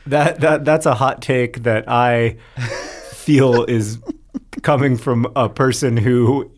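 A man's voice: mid-range voice, fairly even intonation, slow pace. A man in his forties co-hosts a podcast with wry, dry humor. He chats casually and often laughs as he talks. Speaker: podcast co-host. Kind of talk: casual chat with comic sponsor reads.

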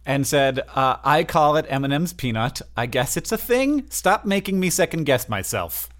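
A man's voice: fairly high pitch, very animated, normal speed, fairly bright tone. A man co-hosting a podcast in casual chat, explaining his points with many fillers and restarts. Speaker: podcast co-host.

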